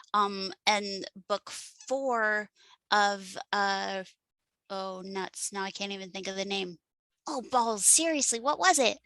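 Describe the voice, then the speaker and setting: A woman author from Western New York talks with a bright, forceful voice, recorded dry and close. She wanders between thoughts, pausing on ums and uhs and poking fun at herself as a podcast guest. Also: medium pitch, no echo, low-quality recording. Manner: scattered, self-deprecating, many ums and uhs. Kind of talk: casual podcast chat.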